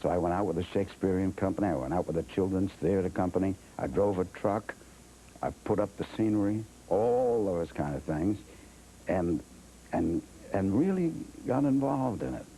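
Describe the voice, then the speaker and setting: An older man sits as a guest in a television interview and tells a story against himself, dry and wry. His voice is low and deep with a dark, mellow tone. He acts out the other people in his stories as he goes. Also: lively intonation, normal speed, slight background noise, rough recording.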